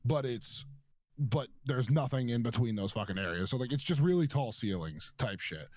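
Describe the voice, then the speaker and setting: A young man chats casually and tells a long story, cursing freely and stumbling through fillers. His voice sits at a middling pitch and is recorded close and dry, with no room sound. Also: moderate pace, no room sound. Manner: swears a lot, animated storyteller with many fillers.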